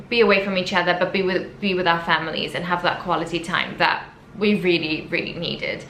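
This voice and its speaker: A woman's voice: fairly low pitch, pushed and bright. A young woman from the United Kingdom telling her story to camera in a chatty, emotional way, often correcting herself. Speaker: vlogger. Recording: echoey room with faint background noise.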